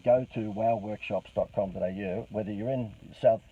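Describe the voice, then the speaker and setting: A man's voice: on the low side, fairly even intonation, normal speed, slightly rough, recorded from a distance, narrow, tinny audio. A man hosting a casual business marketing talk, rambling, joking and salesy.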